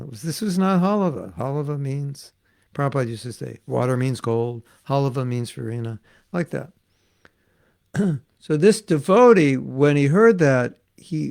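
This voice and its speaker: Older male teacher, gravelly delivery, anecdotal storytelling class, acts out quotes, chuckles between lines. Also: fairly high pitch. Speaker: spiritual teacher.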